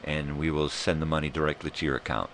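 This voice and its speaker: A man voicing a pushy male lottery scammer on the phone, talking in fast, broken sales patter. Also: rumbling low, flat delivery, a bit bright, slight background noise. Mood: wheedling.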